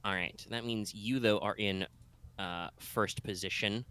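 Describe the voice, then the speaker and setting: A man's voice: lowish voice, steady tone, unhurried, pushed and bright, clear, resonant tone. A man narrating a tabletop game as game master, rambling with many fillers and restarts.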